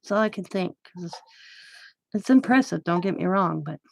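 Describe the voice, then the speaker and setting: A middle-aged craft vlogger with a lowish, gravelly voice and lively intonation talks at a moderate pace while she crafts. Her personal story rambles casually and chattily, punctuated by laughs and frequent mid-sentence self-corrections. The recording is dry, with clean studio sound.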